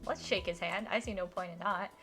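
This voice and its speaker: A woman's voice: fairly low pitch, a little fast, fairly bright tone, soft background music. A young woman streaming a game, chatting and reading aloud with a giggly, self-deprecating manner. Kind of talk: live-stream game playthrough with read-aloud.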